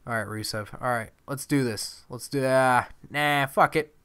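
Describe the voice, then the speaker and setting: A man's voice: medium pitch, moderate pace, fairly bright tone, clean tone. A man commentating over a wrestling video game, playful and jokey, swearing often. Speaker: gaming commentator. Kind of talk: let's play commentary.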